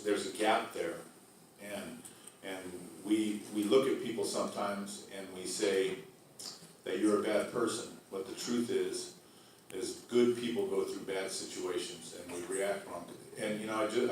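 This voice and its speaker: A man from a helping organization speaking earnestly at a community meeting, with halting restarts. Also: sits low, recorded from a distance, slight background noise. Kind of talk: public address at a meeting. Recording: very echoey hall, picked up from afar.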